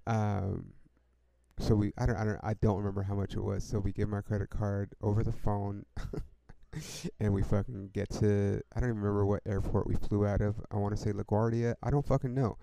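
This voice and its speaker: A young man with a low, gravelly voice spins a loose, meandering story for his podcast. His tone is mellow and smooth, and he swears casually, dropping "dude" and "like" all the way through. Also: flat delivery, a little fast. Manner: profane, laid-back, full of fillers like "dude" and "like". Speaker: podcast host.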